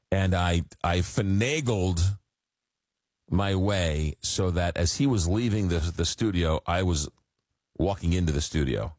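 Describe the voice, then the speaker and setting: A radio talk show host, telling a rambling story full of fillers. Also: male voice, sits low, no echo. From Long Island, New York. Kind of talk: casual call-in radio chat. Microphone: studio microphone.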